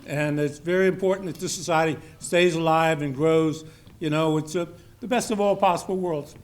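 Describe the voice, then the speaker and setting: A man's voice: fairly high pitch, steady tone, normal speed. An older man from Maryland giving a rambling, folksy speech to a society meeting, with many fillers and restarts. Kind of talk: informal after-dinner speech.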